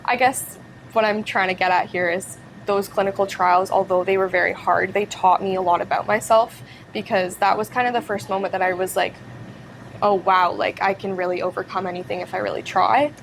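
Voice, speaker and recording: A teenage girl chats as an interview guest, her speech loose and full of fillers and little giggles. Her pitch sits in the ordinary middle for a young woman. A faint hum of noise sits behind her. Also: steady tone, brisk, vocal fry, poor audio. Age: teens. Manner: chatty, many fillers and giggles. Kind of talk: casual interview talk.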